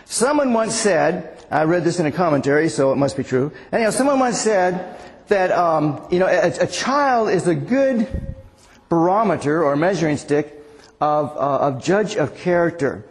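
Guy giving a chatty rambling sermon, asks the room stuff, voice a bit high, echoey hall. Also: animated, moderate pace. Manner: rambling, conversational, asks the audience questions. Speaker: preacher.

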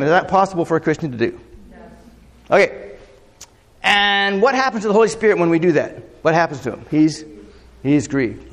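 Guy pastor rambling thru a sermon, kinda high voice, lots of "right?" and "uh", big reverby hall. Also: big pitch swings, fairly quick. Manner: conversational, rambling with fillers and rhetorical questions.

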